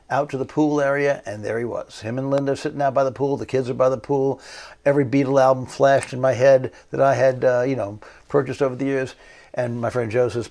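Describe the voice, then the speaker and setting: A male photographer telling stories in an interview, animated, acting out what others said. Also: mid-range voice, gravelly. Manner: animated anecdotal storytelling, acts out quoted voices. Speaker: photographer guest. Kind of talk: storytelling interview.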